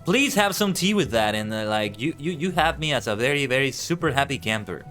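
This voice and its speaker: A man chats his way through a game stream, rambling and often tripping over his words. His voice sits at a middling pitch but swings up and down a lot. Faint music plays underneath. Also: expressive, brisk, fairly bright tone. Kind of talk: casual gameplay commentary.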